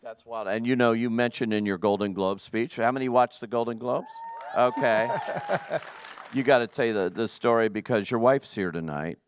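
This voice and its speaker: A man's voice: medium pitch, normal speed, slight background noise. A man moderating a film Q&A, prompting his guest in an easy, conversational way. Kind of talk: interview questions to a live audience.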